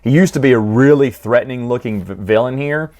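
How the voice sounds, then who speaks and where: A chatty man recapping a book series, pitched in the middle of the male range. He rambles informally, restarts his sentences, fills pauses and laughs along with his own stories. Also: a little mellow. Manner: chatty, laughs often, frequent restarts and fillers. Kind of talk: casual spoken recap.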